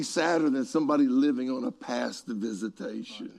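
A man preaching a sermon, telling stories with asides to people in the room and swinging from hushed tones to shouts. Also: mid-range voice, normal speed, vocal fry, hardly any pauses.

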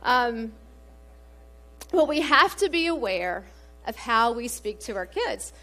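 A woman's voice: on the high side, big pitch swings, takes it slowly, soft background music. A middle-aged woman preaching a sermon, mixing scripture readings with family stories and frequent "um" fillers. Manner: warm storytelling with scripture quotes, many fillers.

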